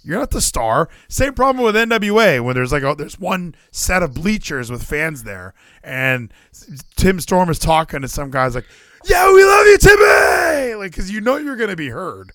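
A man co-hosting a casual wrestling chat, ranting animatedly, swearing freely and acting out crowd shouts. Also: a little high, sing-song, moderate pace, no echo, clean studio sound. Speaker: podcast co-host.

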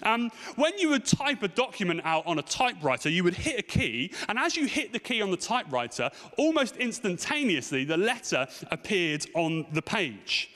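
A man's voice: high voice, very animated, moderate pace, hardly any pauses, pushed and bright. A man in his thirties preaching a sermon to a congregation, telling stories and asking the room rhetorical questions. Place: church hall. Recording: long hall reverb.

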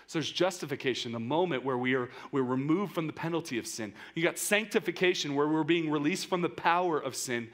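A man in his thirties giving a conversational, earnest youth sermon, often saying "like" and swinging between quiet, intimate lines and loud, emphatic bursts. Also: mid-range voice. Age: 30s. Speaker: youth pastor.

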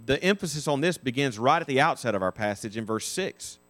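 A man's voice: medium pitch, expressive, brisk, fairly bright tone. A man teaching a Sunday school class, explaining Bible verses with frequent restarts and self-corrections.

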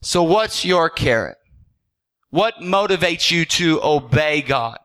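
A pastor preaching in a high, bright man's voice. He speaks earnestly and conversationally, stacking up rhetorical questions and checking in with his listeners. He often trips into quick restarts mid-sentence. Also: lively intonation, poor audio. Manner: frequent stammered restarts. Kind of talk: sermon.

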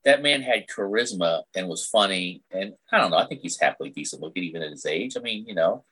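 A man's voice: low-pitched, animated, brisk, sharp tone, breathy edge. A middle-aged man chatting as a podcast guest over a video call, blunt and crude with plenty of jokes. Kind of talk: casual podcast chat.

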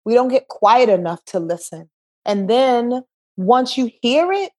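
A woman's voice: a little high, animated, measured pace, darkish tone. A woman as a podcast guest, talking casually and animatedly, acting out inner voices as she explains.

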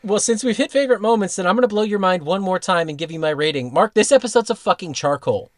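A man's voice: sits high, expressive, quick pace, no echo, clean studio sound. A man co-hosting a podcast, chatting casually about a cartoon and ranting emphatically with heavy swearing. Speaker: podcast co-host. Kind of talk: casual chat reviewing a cartoon episode.

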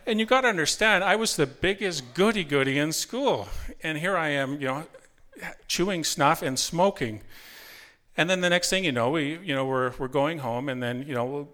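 Bright-voiced man telling a rambling story. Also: a little high, lively intonation, moderate pace. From Canada. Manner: rambling, with many restarts and 'you know'. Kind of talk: personal storytelling.

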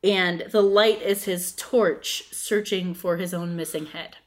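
A woman's voice: on the low side, fairly even intonation, takes it slowly. A woman from the northern United States hosting a casual podcast, chatty and giggly as she retells legends. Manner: chatty, giggly, trails off with fillers. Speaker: podcast host.

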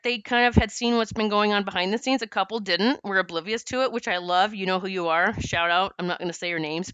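A woman podcast host telling a personal story in an emotional, animated way. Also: medium pitch, clean tone, dry recording, lo-fi sound.

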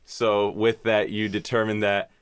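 A man's voice: lowish voice, flat delivery, measured pace, clean tone, no echo, studio quality. A man in casual chat, recapping a film's plot in a rambling way with lots of swearing and filler words. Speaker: podcast host recapping a film.

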